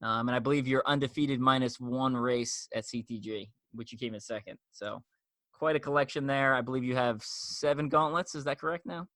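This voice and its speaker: A man hosting a podcast, introducing his guests in a relaxed, chatty way with frequent fillers. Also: mid-range voice, brisk, no room sound. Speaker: podcast host.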